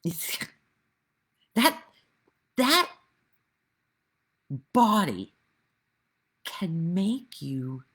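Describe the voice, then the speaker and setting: A woman giving a rambling, earnest spiritual talk in a casual way, with sudden animated outbursts, recorded outdoors. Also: fairly low pitch, very slow, long pauses, slightly rough. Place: outdoors with birds nearby.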